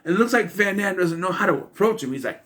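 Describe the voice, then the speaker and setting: A man's voice: high voice, expressive, quick pace, a bit bright. A young man casually reviewing a film, rambling and sarcastic, with incredulous asides. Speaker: movie reviewer.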